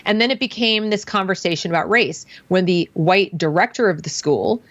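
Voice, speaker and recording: A woman guest telling a story casually in conversation, animated, and switching her voice when she quotes others. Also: normal speed, no echo, highs cut off. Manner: animated, acts out others' words with shifting pitch. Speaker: guest, parent and former teacher.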